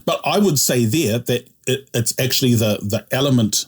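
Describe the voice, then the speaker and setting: A man's voice: medium pitch, lively intonation, normal speed, slightly rough. A man tutoring a language lesson, explaining patiently step by step and checking in often.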